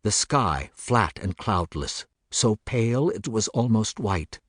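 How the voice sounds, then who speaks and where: A man narrating a thriller audiobook in a measured, steady voice. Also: on the low side, husky, no echo, studio quality.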